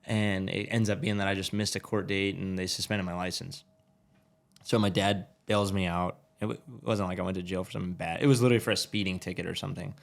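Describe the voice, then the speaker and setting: A man's voice: low voice, fairly even intonation, quick pace, creaky. A man, a motorcycle racer guest, casually telling a story with lots of "like" and swearing. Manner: laid-back, swears freely, filler "like".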